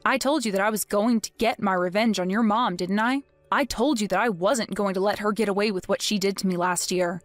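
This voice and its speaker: A woman's voice: mid-range voice, a little fast, few pauses, no echo, faint music behind, lightly acted. A woman voicing a vengeful young wife in a dramatized story, cold and taunting with mock innocence. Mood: scheming.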